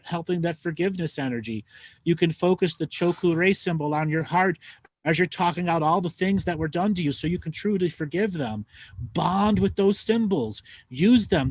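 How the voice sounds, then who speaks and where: A male host on a live call-in show talks with direct, coaching firmness and often asks "okay?" His voice is a little higher than most men's and sounds dry and close. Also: no room sound.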